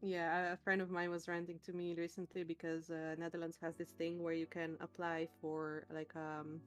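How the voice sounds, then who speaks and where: Woman co-streamer, lowish voice, brief encouraging reactions, faint music behind. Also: monotone, moderate pace. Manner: short supportive reactions and laughs. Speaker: co-streaming artist. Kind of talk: casual chat.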